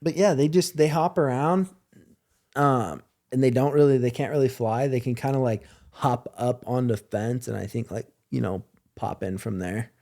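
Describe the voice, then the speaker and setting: A man hosting a podcast in casual chat, animated and joking, often laughing and swearing. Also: medium pitch, moderate pace, creaky. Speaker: podcast host.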